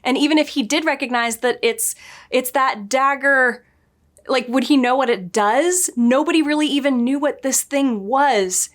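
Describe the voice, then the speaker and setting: A woman's voice: high voice, moderate pace. A woman casually recapping and nitpicking a TV episode, chatty and exasperated, laughing now and then. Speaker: show reviewer.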